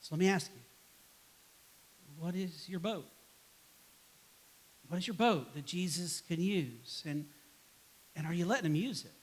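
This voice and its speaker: A man's voice: on the high side, lively intonation, a little slow, pauses often, breathy edge. A man preaching a sermon as pastor in a church, casual and conversational, acting out grumbling replies to make his points. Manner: conversational, acts out quoted voices with a sigh and grumble.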